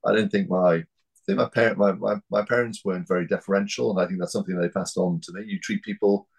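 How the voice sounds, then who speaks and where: A man in his fifties from North East England, speaking as an interview guest in a measured, hesitant way with many fillers and restarts. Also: low voice, fairly even intonation, gravelly, a little mellow, slightly rough, low-quality recording. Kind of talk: reflective interview talk.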